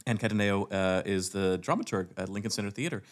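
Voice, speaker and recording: A man's voice: fairly low pitch, quick pace. A man hosting a theater podcast, moving from a scripted intro to rambling casual chat with many restarts, sounding stuffy. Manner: rambling, hesitant, full of restarts. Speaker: podcast host, theater co-artistic director.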